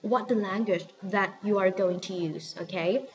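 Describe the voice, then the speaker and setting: Thai-accented woman teaching English, lo-fi. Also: medium pitch. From Thailand. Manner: coaching, often checking in with "okay?" and repeating phrases slowly. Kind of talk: spoken English lesson.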